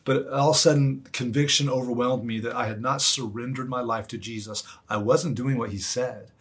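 A man delivers a sermon with a husky, slightly breathy voice. He preaches earnestly and presses his points through repetition, sitting at a middle pitch for a man. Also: fairly even intonation, normal speed. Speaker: pastor.

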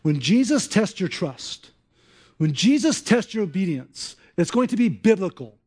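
A man preaching a sermon in an animated, conversational way, acting out voices. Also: high-pitched, unhurried, husky. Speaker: pastor.

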